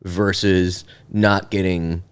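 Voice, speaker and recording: A man guesting on a podcast in casual chat, laid-back and quick to laugh. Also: low-pitched, level tone, clear, resonant tone. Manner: laid-back, laughs often, drops into put-on voices.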